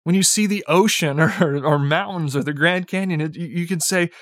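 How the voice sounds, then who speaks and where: A young man delivers a casual, chatty sermon in a slightly higher voice, sprinkling in "like" and "right?" and chuckling lightly as he goes. The sound is close and dry. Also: a little fast, few pauses, fairly bright tone, no echo. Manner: conversational, peppered with "like" and "right?"; chuckles lightly while speaking. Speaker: preacher.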